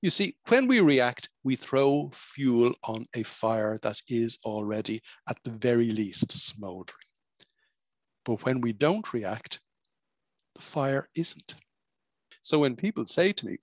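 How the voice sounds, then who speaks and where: A man gives a self-help podcast monologue, driving his points home with emphatic repetition. His voice rises and falls widely and carries a gravelly rasp. The sound is close and dry, with no room echo. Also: mid-range voice, lively intonation, a little slow. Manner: emphatic, repetitive, preacherly teaching. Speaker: podcast host.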